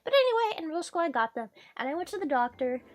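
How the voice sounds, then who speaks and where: A woman's voice: sits high, very animated, quick pace. A woman streaming a game, chatting casually, swearing freely and laughing often. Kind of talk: casual gaming stream chat.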